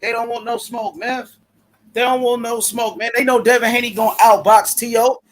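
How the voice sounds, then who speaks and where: A man hosting a casual boxing talk stream, talking loud, profane trash. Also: very high-pitched, fairly even intonation, moderate pace. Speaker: host.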